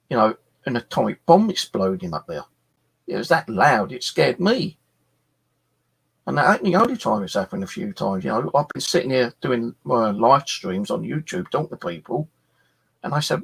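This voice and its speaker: A middle-aged man hosting his channel, telling an animated story from his flat with some swearing and acted-out exchanges. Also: medium pitch, gravelly, slightly rough. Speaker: channel host. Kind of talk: casual storytelling chat.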